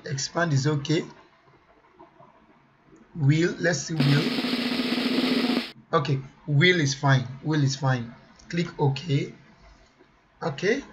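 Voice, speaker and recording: A man presenting a software tutorial, thinking aloud as he weighs each option and often repeats himself. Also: a little high, dull audio, slight background noise. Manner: muses aloud over choices, repeats himself.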